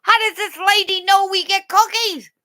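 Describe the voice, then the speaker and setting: A woman voicing her hungry family dogs, who beg for cookies in squeaky, pleading tones. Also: fairly even intonation, moderate pace, pushed and bright. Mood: puzzled.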